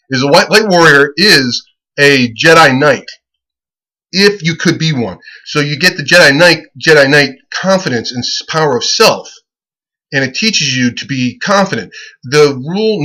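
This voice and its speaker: Bright-voiced man laughing through a ramble. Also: on the high side, rough recording. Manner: keeps laughing at his own jokes; profane, excitable, loose storytelling. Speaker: comedian. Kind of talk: casual rambling monologue pitching a website.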